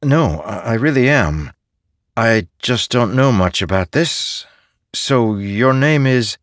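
A man's voice: mid-range voice, expressive, slow, no room sound, pitched above the performer's own voice. A man voicing a weary young soldier who speaks in a dry, understated way.

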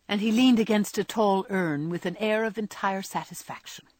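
A woman narrating a classic novel as an audiobook, measured and expressive. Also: on the low side, husky, no echo.

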